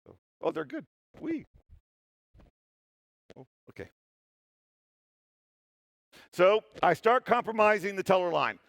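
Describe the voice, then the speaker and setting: A man telling an animated, joking story during a conference talk on stage, often poking fun at himself. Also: sits high, slow, vocal fry, pauses often, dry recording. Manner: animated, joking, self-deprecating. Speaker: security tester giving a talk. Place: stage in a hall.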